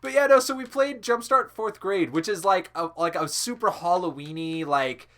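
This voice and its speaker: A man talks through a gaming session in a loose, rambling way, dropping swears and laughing at his own tangents. His voice sits fairly high and sounds bright. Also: moderate pace. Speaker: let's play commentator. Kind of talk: casual gaming chat.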